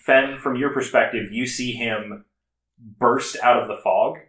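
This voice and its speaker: A man narrating as game master in a relaxed, chatty way, with filler words. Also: mid-range voice, unhurried, a little hiss or hum. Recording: echoey room.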